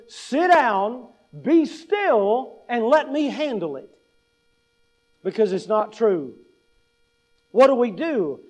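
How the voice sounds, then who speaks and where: A man's voice: very high voice, poor audio. A male pastor preaching conversationally, posing questions to the congregation and telling humorous everyday stories. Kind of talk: sermon.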